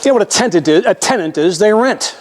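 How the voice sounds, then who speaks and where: A man's voice: sits high, lively intonation, fast talker, darkish tone, a little hiss or hum. An older man giving a folksy, conversational public history lecture to an audience, with many restarts and repetitions.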